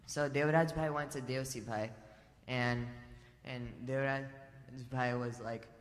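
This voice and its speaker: A man's voice: medium pitch, steady tone, slow pace. A man telling a spiritual story to a temple assembly in a casual way, full of fillers and restarts. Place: large temple assembly hall. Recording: long reverb hall.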